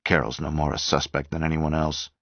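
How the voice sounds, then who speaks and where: Male narrator plays a quiet, reasoned husband in an audiobook; low voice, dull recording. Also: flat delivery, a little fast, vocal fry, no echo, heavily acted. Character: calm protective husband. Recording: dull dry lo-fi sound.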